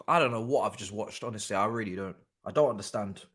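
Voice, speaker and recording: A young man hosting a live football watch-along, talking excitably, repeating himself and swearing freely. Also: on the low side. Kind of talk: live stream reaction commentary.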